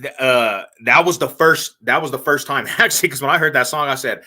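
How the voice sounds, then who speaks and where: A man hosting a podcast, telling stories in animated, slangy casual chat and laughing as he goes. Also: mid-range voice, a little fast, hardly any pauses. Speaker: podcast host.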